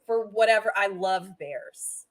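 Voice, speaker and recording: A woman hosting a casual livestream, chatting in a bubbly, excitable way that swings from loud bursts to soft asides. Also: medium pitch, measured pace. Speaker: livestream host.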